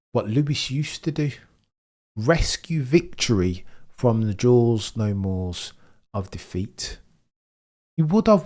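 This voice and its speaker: A young British man commentating a live race session for a stream, reacting to chat and swinging between loud excitement and deflated muttering. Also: lowish voice. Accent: British English. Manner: reads and answers chat. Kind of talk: live watch-along commentary.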